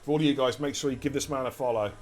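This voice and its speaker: A man with an English accent giving lively, chatty live commentary on an esports race and talking to his chat as he goes. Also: mid-range voice, very fast, a little hiss or hum. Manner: energetic, chatty, addresses chat directly.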